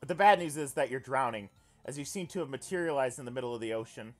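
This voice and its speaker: A man playing a visual novel on stream, reading its text aloud and reacting in an animated, excitable way, swearing freely. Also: mid-range voice, fast, soft background music. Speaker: let's player.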